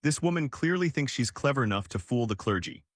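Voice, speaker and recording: Man voicing a money-hungry young mage, mocking, shameless, mid-pitched, dry sound. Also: animated, brisk, dry recording, close to an everyday voice. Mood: scheming. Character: scheming greedy young male mage.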